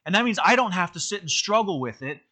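A man's voice: high-pitched, lively intonation, quick pace, sharp tone. A man teaching an interactive church lesson in a conversational way, with many fillers and restarts.

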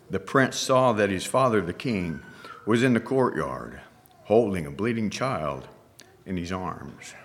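A man preaching by telling an allegorical story, reading in a hushed, dramatic way with slow pauses. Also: on the low side. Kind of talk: sermon storytelling.

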